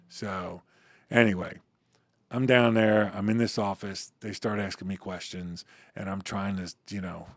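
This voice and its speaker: A man's voice: fairly low pitch, fairly even intonation, measured pace, no echo. A middle-aged man telling a story in an interview, acting out the dialogue and cussing casually. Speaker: interview guest.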